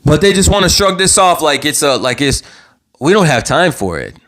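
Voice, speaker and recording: A young man's somewhat high voice carries his own live show, and he is clearly worked up. He stammers through restarts, circles back on the same phrases, and pushes toward a yell as his passion builds. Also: big pitch swings, normal speed. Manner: heated, repetitive, stammering restarts, rising to near-yelling. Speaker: vlog host. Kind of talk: impassioned live commentary.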